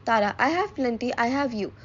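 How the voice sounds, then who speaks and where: A woman reading the part of a gentle, affectionate teenage girl in a soft, sincere manner. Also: a little high, lively intonation, a little fast, slightly rough, dull audio.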